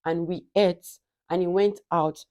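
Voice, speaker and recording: A young Nigerian woman vlogger with a Nigerian accent, telling a personal story in a casual, animated way and acting out the dialogue. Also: fairly low pitch, unhurried, dull audio. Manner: animated, acts out quoted dialogue.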